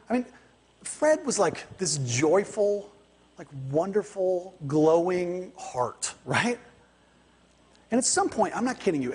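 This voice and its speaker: A man preaching a sermon in church, telling a story in a conversational, animated way and acting out the people in it. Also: high-pitched, husky. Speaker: pastor. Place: church sanctuary. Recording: long church reverb.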